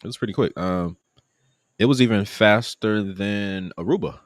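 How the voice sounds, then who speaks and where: A man casually recounting his trip during a live stream, animated, acting out the people he met. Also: moderate pace, no echo, clean studio sound. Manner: animated, acts out quoted people in a higher voice. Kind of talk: casual storytelling.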